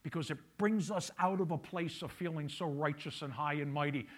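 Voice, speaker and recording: A man's voice: a little high, fairly quick. A male pastor preaching a sermon, emphatic, repeating key phrases and asking the congregation questions.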